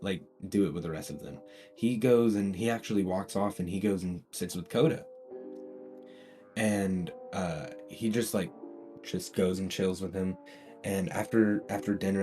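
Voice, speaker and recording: A man's voice: sits low, dark tone. A man telling a fan-made story in a casual, rambling way, full of fillers and restarts. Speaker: channel host.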